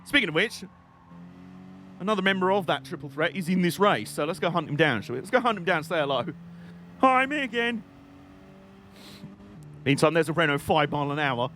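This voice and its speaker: A man's voice: fairly high pitch, fast talker, fairly bright tone, slight background noise. A young man giving rambling, jokey live commentary while playing a racing game on stream. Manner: jokey, rambling, chatty banter.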